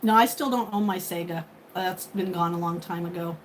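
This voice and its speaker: A woman's voice: fairly low pitch, moderate pace, poor audio. A woman in her fifties hosting a casual livestream, chatting and thanking viewers by name. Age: 50s. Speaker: livestream host. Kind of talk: casual live chat with viewers. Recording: faint background noise.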